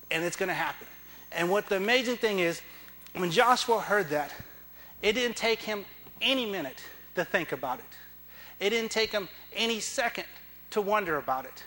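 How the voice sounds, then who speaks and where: A man preaching a sermon in church, impassioned and emphatic, acting out the words of biblical figures. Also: sits high. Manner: impassioned, rising to loud emphatic peaks; acts out biblical figures in dramatic dialogue.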